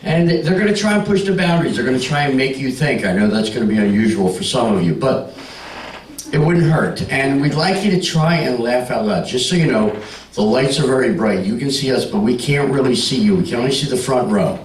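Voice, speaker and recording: A man's voice: mid-range voice, expressive, a little fast, reverberant, distant mic, a little hiss or hum, poor audio. A man doing stand-up comedy on a club stage, teasing the audience with brash, bawdy crowd work.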